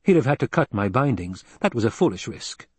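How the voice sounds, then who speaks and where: A man voicing a composed, persuasive captive noblewoman in low, measured, intimate tones. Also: very animated, slightly rough, no echo. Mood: firm.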